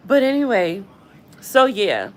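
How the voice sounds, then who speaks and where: A woman hosting a casual gossip livestream from a hospital room, chatty and animated, often addressing her viewers directly. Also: medium pitch, takes it slowly. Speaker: gossip channel host.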